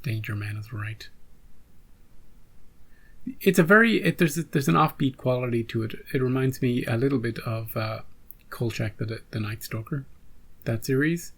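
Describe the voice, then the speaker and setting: A man's voice: mid-range voice, moderate pace. A man hosting a reaction channel, chatting casually with rambling asides and joking restarts.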